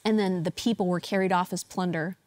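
A woman's voice: lowish voice, steady tone, a little fast, a little mellow, no room sound, studio quality. A woman in her thirties giving a church message, opening with a personal story and laughing at herself as she tells it. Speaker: church speaker.

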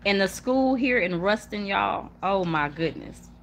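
A young woman talks in a loose, emphatic way straight to her viewers on a livestream, often circling back to the same point. Her pitch sits in the middle of the range, and a faint hiss of noise runs under her voice in a home room. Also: animated, unhurried. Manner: chatty, emphatic, repetitive, warm toward viewers; hushes children mid-talk. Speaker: livestream host. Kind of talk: casual live chat to viewers. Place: home room with kids nearby.

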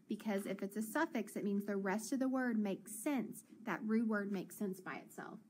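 A woman teacher leading a children's phonics lesson, encouraging and sounding out words slowly. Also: medium pitch, a little mellow, slight background noise.

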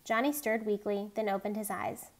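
A woman's voice: mid-range voice, little pitch movement, normal speed, gravelly. Woman reading a novel aloud. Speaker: reader.

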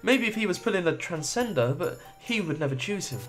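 A man's voice: sits high, expressive, brisk, faint music behind. A man reading the lines of an anxious young noble son, flustered and pleading.

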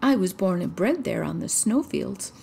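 A woman's voice: mid-range voice, lively intonation, moderate pace, creaky, darkish tone, slight background noise. A woman reading a storybook voices a proud reindeer longing for the snowfields.

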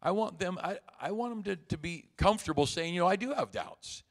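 A man's voice: high voice, expressive, fairly quick. A man, a pastor, giving a folksy church sermon, acting out conversations and chuckling often.

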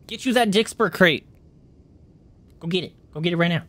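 A high-pitched man at a moderate pace livestreams a game with live commentary. He's excitable, yelping and swearing at enemies, and chats with viewers, thanking them by name.

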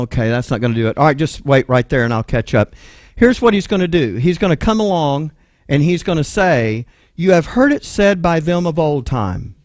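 A man's voice: on the high side, no echo, studio quality. A man with a Texan accent preaching and teaching from the Bible, reading verses aloud and asking the room questions before he answers them himself. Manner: reads scripture aloud, then explains it verse by verse; calls to an assistant for the next slide. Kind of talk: sermon-style Bible teaching.

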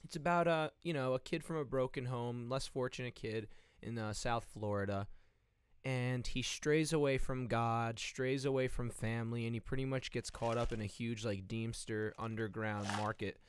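A man's voice: medium pitch, moderate pace, smooth, no room sound, studio quality. A man co-hosting a comedy podcast, riffing on an absurd story in a rambling, casual way. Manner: rambling, filler-heavy riffing. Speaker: podcast co-host.

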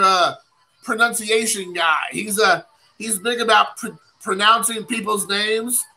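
Chatty man with a high, bright, gravelly voice. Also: low-quality recording. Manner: rambling, self-deprecating, chatty asides to viewers. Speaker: card collecting channel host. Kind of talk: casual live-stream chat while opening cards.

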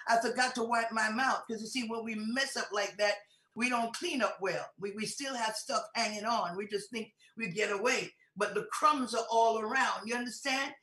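Bright animated woman preaching in echoey hall. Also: a little high, moderate pace. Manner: animated preaching with rhetorical questions and repetition. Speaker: bishop teaching a conference. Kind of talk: teaching sermon. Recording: roomy echoey hall sound.

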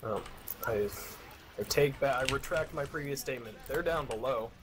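A man streaming a team shooter, chatting casually and breaking into high, startled disbelief. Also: normal speed. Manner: exclaims in sudden high-pitched disbelief. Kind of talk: casual gaming chat. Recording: noisy home stream audio.

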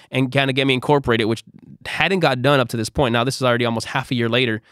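In another storytime vlog, a young creator vents to the camera about an exasperating experience, emphatically replaying the back-and-forth he had. He talks fast in a mid-range, fairly bright voice. The audio is studio quality, with no echo.

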